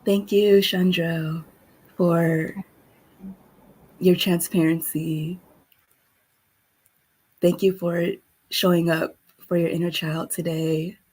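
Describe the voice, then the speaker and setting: A woman guest speaker closing her session, soft-spoken and halting, with many fillers. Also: fairly low pitch, flat delivery, rough recording. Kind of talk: closing a virtual summit session.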